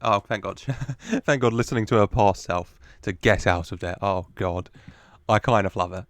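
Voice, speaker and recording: A man's voice: on the low side, steady tone, normal speed, background noise. A young man casually commenting on a TV episode, chatty and playful with frequent laughter. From United Kingdom. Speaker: reaction video host.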